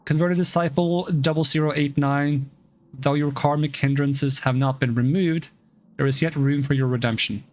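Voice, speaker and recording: A man's voice: on the high side, steady tone, normal speed, natural voice. A man voicing a solemn male monk who speaks in formal, ceremonial words.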